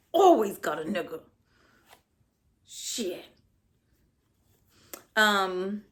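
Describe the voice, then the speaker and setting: A young woman talks straight to her listeners in a casual solo podcast recap. She is sassy and blunt, swears freely and drops playful asides as she goes. Her pitch sits in a middle range. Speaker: podcast host.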